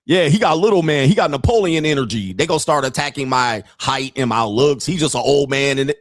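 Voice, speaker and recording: A man's voice: mid-range voice, lively intonation, a little fast, dry recording, clean studio sound. A man hosting a podcast, ranting bluntly and profanely about dating, with a mocking tone and frequent laughs. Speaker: podcast host and dating commentator. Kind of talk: casual podcast rant.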